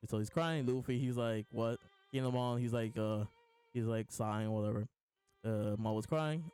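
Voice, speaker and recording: A man's voice: mid-range voice, moderate pace, dark tone, clear, resonant tone, faint music behind. A man hosting a live reaction, reading lines aloud between laughs and restarts. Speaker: host reading and reacting to a comic chapter. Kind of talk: casual live reaction chat.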